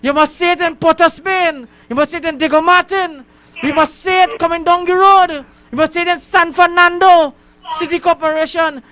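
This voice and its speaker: High-voiced Trinidadian woman rallying listeners. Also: steady tone, normal speed, a bit bright. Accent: Trinidad and Tobago. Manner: rhetorical, rallying repetition. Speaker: radio caller. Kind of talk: call-in talk radio.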